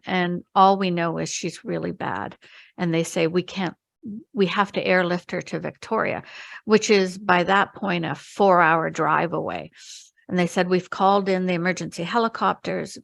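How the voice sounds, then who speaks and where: A middle-aged woman, a spiritual healer, telling a personal story in an interview, earnest and halting, with many restarts and quoted thoughts. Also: on the low side, gravelly, no echo. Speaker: interview guest, spiritual healer and retreat leader.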